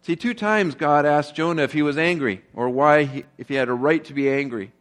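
A man's voice: fairly high pitch, a little fast, fairly bright tone. A man preaching a sermon in a conversational tone. He asks the congregation rhetorical questions and grows more emphatic as he drives home a point. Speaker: pastor.

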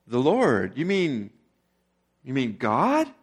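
A man voicing a desperate man clinging to a branch over a canyon, yelling and pleading for help. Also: mid-range voice, huge pitch swings, slow, slightly rough, heavily acted. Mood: anxious.

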